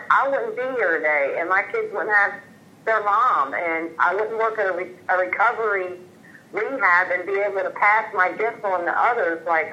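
A woman's voice: on the low side, sharp tone, a little hiss or hum. A woman calling in on speakerphone, sharing her recovery story heartfelt and rambling. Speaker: caller. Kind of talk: phone-in testimony. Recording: dull phone line on speaker.

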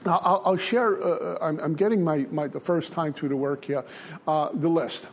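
A man's voice: on the high side, normal speed, a little hiss or hum. Earnest older man telling his story. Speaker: recovery speaker. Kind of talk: personal testimony talk.

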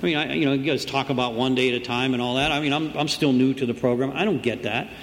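A man's voice: medium pitch, steady tone, quick pace. A middle-aged man speaks to a group at a meeting and tells his story of getting sober in a loose, conversational way. He often checks in with "right?" as he goes. His voice carries a long room reverb over a faint background hum. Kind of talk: personal recovery story told to a group.

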